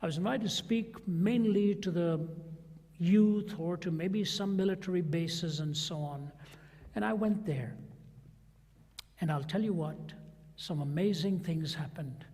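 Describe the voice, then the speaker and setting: A husky older man gives a sermon, his voice sitting a little high for a man. He tells his stories with lively acted-out dialogue. A long reverb trails each phrase, as in a large hall. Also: unhurried. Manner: animated storyteller who acts out quoted voices. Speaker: preacher. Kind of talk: sermon storytelling.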